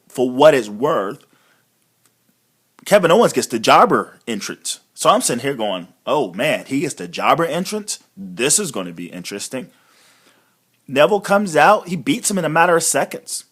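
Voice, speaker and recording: A man's voice: medium pitch, fairly bright tone. A man giving a casual, rambling recap of a wrestling show, blunt and swearing freely. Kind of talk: casual profane recap monologue.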